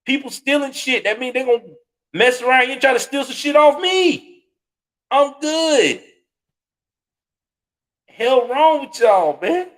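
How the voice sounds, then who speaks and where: Host, male, high-pitched, profane and scornful ranting with sudden loud spikes. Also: moderate pace. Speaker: commentary show host. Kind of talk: heated live reaction commentary.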